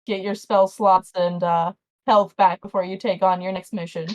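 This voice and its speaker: A woman's voice: mid-range voice, steady tone, normal speed, a little mellow, rough recording. A woman running a tabletop game as game master, narrating casually and a little flustered.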